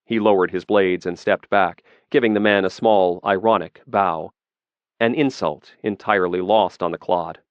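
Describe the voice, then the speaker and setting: Low-voiced man narrating an audiobook. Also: steady tone, normal speed, smooth, no room sound, highs cut off.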